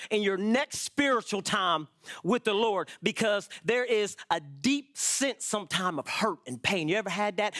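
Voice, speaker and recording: Animated, bright-voiced preacher. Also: medium pitch, dry recording, clean studio sound. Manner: animated, emphatic preaching with call-and-response prompts. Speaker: pastor. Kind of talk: sermon.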